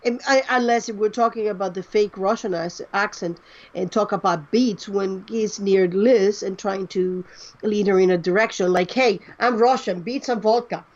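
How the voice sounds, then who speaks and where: A woman co-hosting a casual fan podcast, animated and explaining at length. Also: medium pitch, moderate pace, highs cut off. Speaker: podcast co-host.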